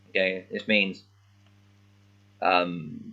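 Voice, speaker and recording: A man reading along with a children's book as a language learner, thinking aloud and sounding out words haltingly in casual commentary. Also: low-pitched, level tone, a bit bright, lo-fi sound.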